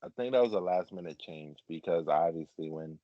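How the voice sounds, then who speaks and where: A man's voice: deep voice, a little fast, no echo, highs cut off. A man hosting a casual podcast chat, rambling and laughing, heavy on fillers. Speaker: podcast host.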